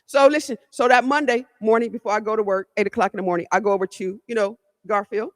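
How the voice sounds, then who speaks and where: A woman's voice: mid-range voice, fairly even intonation, fast talker. A woman host from the Cleveland area, telling a story on her podcast in a blunt, fired-up way, swearing, repeating herself and talking straight to her listeners. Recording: long hall-like reverb.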